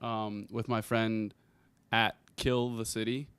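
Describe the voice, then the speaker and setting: A young man co-hosting a casual podcast, talking in a laid-back way with plenty of ums and quick reactions. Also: lowish voice, flat delivery, fairly bright tone, clean tone, no echo. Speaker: podcast co-host.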